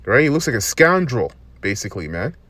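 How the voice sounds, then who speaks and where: A man giving a preaching monologue. He reads verses slowly, tacks "man" and "okay?" onto his phrases, and stumbles and restarts words often. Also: medium pitch, very animated, fairly bright tone, no room sound. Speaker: scripture teacher.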